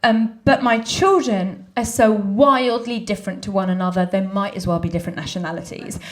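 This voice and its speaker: A woman comedian telling stand-up stories, lively and quick to act out the quotes. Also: medium pitch. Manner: lively storytelling, acts out quotes.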